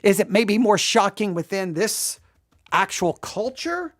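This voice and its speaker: A Bible teacher giving an exegetical study, talking in an animated way, acting out quoted lines and often restarting sentences. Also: medium pitch, a little slow. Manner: animated, acts out quoted speech, frequent restarts.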